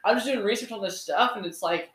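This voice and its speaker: High-voiced man telling stories animatedly. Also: fast. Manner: animated storytelling, acts out quotes. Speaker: podcast co-host. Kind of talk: casual chat. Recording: roomy echo.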